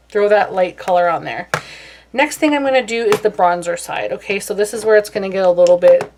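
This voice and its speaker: A woman's voice: medium pitch, a little hiss or hum. A young woman chatting casually through a makeup tutorial, self-deprecating and talkative. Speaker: beauty vlogger.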